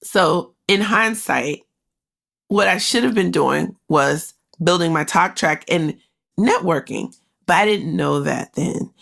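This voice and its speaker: A woman's voice: fairly low pitch, slow, vocal fry, fairly bright tone. A woman podcast host telling a personal story in a candid, emotional way and speaking straight to her listeners. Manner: conversational, with many "like" fillers.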